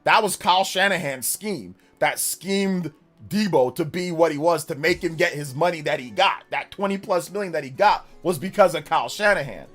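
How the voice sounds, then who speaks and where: A man's voice: a little high, normal speed, a bit bright, soft background music. Emphatic, argumentative male streamer. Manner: emphatic, argumentative, talks back to chat. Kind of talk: live stream reaction and chat.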